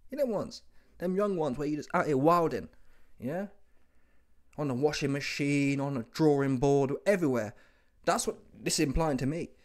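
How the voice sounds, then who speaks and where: A man's voice: on the high side, moderate pace. A man hosting a comedy reaction monologue, teasing and laughing, asking "yeah?" again and again. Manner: streetwise slang, asks "yeah?" constantly; playful, teasing, laughs often.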